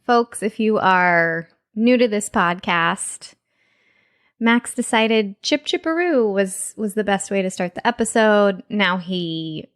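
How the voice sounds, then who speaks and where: A woman's voice: mid-range voice, animated, takes it slowly, a bit bright, smooth. Woman, podcast co-host, bubbly, enthusiastic, casual chat. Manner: bubbly, enthusiastic, laughs easily.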